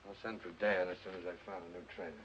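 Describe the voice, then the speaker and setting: An earnest young horse owner, deep-voiced. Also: male voice, little pitch movement, racing, a bit bright. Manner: earnest, decisive, plain-spoken. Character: earnest young man, heir to a horse farm. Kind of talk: 1940s film acting. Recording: muffled old film soundtrack with faint hiss.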